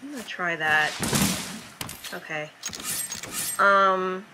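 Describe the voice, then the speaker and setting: A young adult woman chatting casually and thinking out loud as she plays a card game. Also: lowish voice, takes it slowly, background noise. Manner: chatty, thinks aloud while playing. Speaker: streamer. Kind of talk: casual gameplay commentary.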